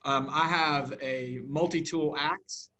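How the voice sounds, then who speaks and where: A man's voice: a little high, steady tone, slow pace, pushed and bright, slight background noise. A man co-hosting a podcast in casual chat, hesitant with many fillers, and defensive when teased. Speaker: podcast co-host.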